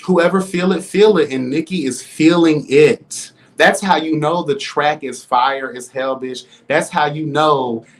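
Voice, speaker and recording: A man's voice: fairly high pitch, unhurried, hardly any pauses. A man giving celebrity gossip commentary in a vlog. He talks in a sassy, campy, dramatic way and keeps throwing in exclamations. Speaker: commentary vlogger.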